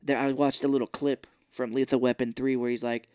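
A man's voice: medium pitch, little pitch movement, fairly quick, a little mellow, smooth, no room sound, clean studio sound. An American man co-hosting a podcast, casually recapping a movie and acting out its characters in exaggerated voices. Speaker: podcast co-host.

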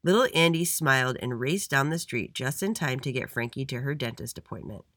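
Storyteller: a man narrating a kids' tale with an animated voice, dry booth sound. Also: mid-range voice, fairly quick, dry recording. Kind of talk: reading a children's story aloud.

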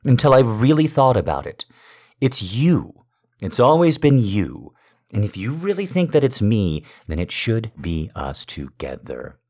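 A man speaking to a partner in an intimate role-play monologue, earnest and pleading, swinging from hushed to loud. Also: on the low side, sing-song, measured pace. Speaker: partner persuading someone to have a baby.

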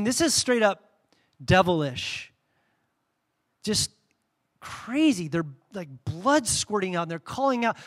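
A man preaching a sermon, telling the story casually with playful asides and a lively delivery. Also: high voice. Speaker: pastor.

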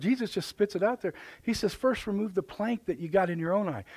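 Animated Midwestern man preaching. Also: high voice, quick pace, hardly any pauses, husky, dry recording. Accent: Midwestern American. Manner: animated, jokey, repeats words often. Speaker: pastor. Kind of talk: live sermon with storytelling. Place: church sanctuary.

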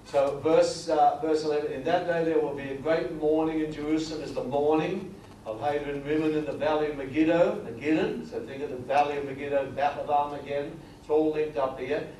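A man teaching a sermon through numbered points, reading scripture slowly and with emphasis. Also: fairly high pitch, fairly even intonation, a little hiss or hum. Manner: grows quiet and emotional at times. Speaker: preacher. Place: large echoey hall. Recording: echoey hall recording from far off.

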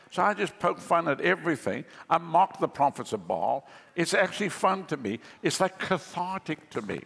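A man's voice: a little high, vocal fry, a bit bright, slightly rough. A male pastor preaching a sermon, telling jokes and stories to the congregation in a large church hall. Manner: joking, storytelling preacher. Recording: long hall reverb.

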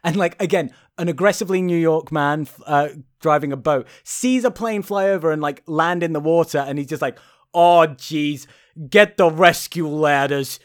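Chatty man with a slightly high voice. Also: brisk, hardly any pauses, no room sound, clean studio sound. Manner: chatty, laughing, swears freely. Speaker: podcast co-host. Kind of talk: casual film discussion.

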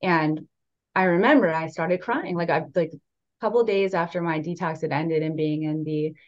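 A woman's voice: sits low, moderate pace, muffled recording. A young woman guest speaking candidly and casually, with many fillers like "like" and "right". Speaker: podcast guest. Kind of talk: casual conversational storytelling.

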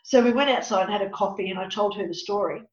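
A woman working as a psychic medium and counsellor, telling a story in an animated, dramatic way during an interview. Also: medium pitch, fast. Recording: echoey, dull lo-fi room.

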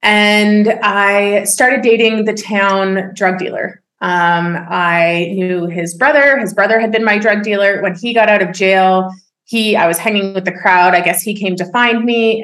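A woman of middle pitch tells her own story candidly, keeping an upbeat, smiling tone through heavy material. Her voice rings in a roomy, echoing space. She is a guest in a conversational interview. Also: fairly bright tone. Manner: frank and upbeat, smiles and laughs while telling hard things. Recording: roomy echo.

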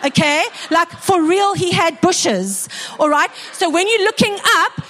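High-voiced woman preaching a story sermon. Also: a little slow. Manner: lively, self-mocking storyteller who checks in with the congregation.

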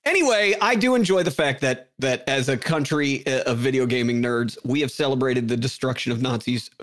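A man in casual podcast banter, animated and profane, joking and putting on silly voices. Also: medium pitch, brisk.

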